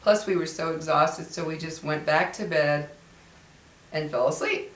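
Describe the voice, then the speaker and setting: A woman's voice: low voice, unhurried, recorded from a distance. A middle-aged woman telling a personal ghost story in a chatty, rambling way, full of fillers and restarts. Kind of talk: casual storytelling. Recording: roomy sound from away from the mic.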